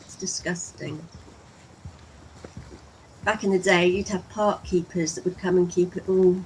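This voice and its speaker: A woman's voice: lowish voice, steady tone, a little slow, poor audio. English woman, middle-aged, rambling friendly vlog chat while walking, camera mic, slight background hiss. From England. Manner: chatty and rambling, talks to viewers. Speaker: vlogger. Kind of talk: casual vlog commentary. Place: outdoors on a walk.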